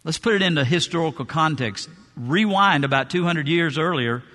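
A pastor preaching a sermon, driving points home with emphatic repetition. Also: male voice, fairly high pitch, lively intonation, normal speed, bright, forceful tone, long reverb tail. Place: church sanctuary.

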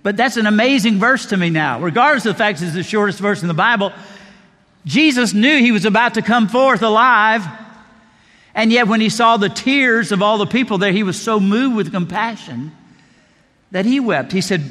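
A man's voice: sits high, a little fast, sharp tone, in a large hall. A middle-aged male pastor preaching a sermon, telling a story and acting out the dialogue. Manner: storytelling, acts out quoted dialogue.

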